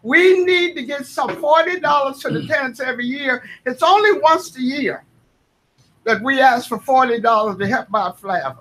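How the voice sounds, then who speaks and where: A woman's voice: high-pitched, expressive, moderate pace, a bit bright. A woman, speaking as a tenant during public comment at a board meeting, earnest, folksy and insistent. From Southern United States.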